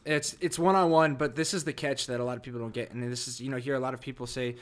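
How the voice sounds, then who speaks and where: A man's voice: medium pitch, fairly even intonation, fast talker, hardly any pauses. A man in casual chat, rambling and restarting his sentences as he recalls boot camp.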